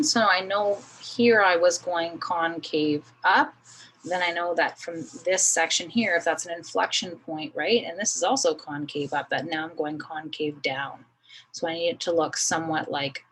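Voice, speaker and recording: In a recorded screen lesson, a woman teaches math, thinking aloud with many fillers as she draws a graph. Her voice is fairly low and a bit bright, and the rough recording has slight background noise.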